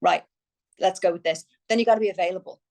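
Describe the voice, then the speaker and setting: Talking fast in a fairly low, creaky, somewhat mellow voice, a woman success coach guests on a podcast. She's open and chatty, narrating stories and quoting asides along the way. It's a rough recording.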